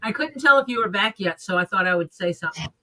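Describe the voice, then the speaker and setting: Bright, animated podcast co-host. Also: mid-range voice, fast, no echo. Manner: animated storyteller. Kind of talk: casual livestream chat.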